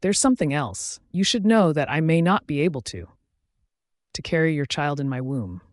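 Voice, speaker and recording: A man's voice: on the high side, animated, normal speed, no echo, studio quality, lightly acted. A man reading an anxious, pleading young woman. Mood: upset. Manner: emotional, pleading delivery.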